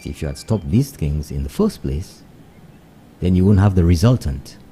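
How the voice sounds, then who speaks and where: A Saint Lucian man hosting a casual morning radio show, trading English and Kweyol as he greets listeners. His voice is low and very dark and mellow. A faint hiss sits under the recording. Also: normal speed. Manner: switches between English and Kweyol, animated greetings. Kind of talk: casual radio chat and shout-outs.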